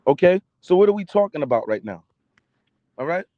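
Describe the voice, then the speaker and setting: A man's voice: high voice, big pitch swings, fairly quick, no room sound, phone-quality sound. A man in a casual livestream rant, reading viewer comments and hammering each point with repeated "okay?" and "right?". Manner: emphatic, repetitive, keeps asking "okay?".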